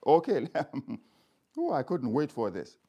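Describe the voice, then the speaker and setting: A man's voice: a little high, huge pitch swings, slow pace, muffled recording. A man speaking straight to his viewers, stressing his points by repeating phrases. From Haiti. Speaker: community speaker. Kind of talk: impassioned address to viewers.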